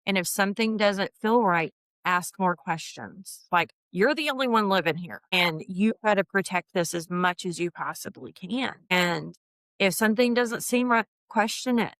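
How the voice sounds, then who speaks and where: A woman, a guest talking candidly in an interview, earnest and full of restarts, with lively emphatic bursts. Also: medium pitch, normal speed, dry recording. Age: 50s.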